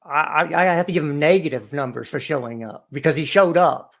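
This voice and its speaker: A man on a video-call fan panel, blunt and exasperated, tripping over his words as he rushes to make his point. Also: on the high side, gravelly, fairly bright tone. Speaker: panel guest. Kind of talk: casual fan chat.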